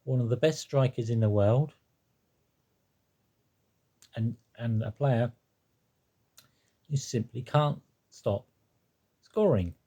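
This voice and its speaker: A man talking casually about a football team, rambling and hesitant, with many pauses, ums and restarts. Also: mid-range voice, dark tone. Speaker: football fan commentator. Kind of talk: casual spoken monologue.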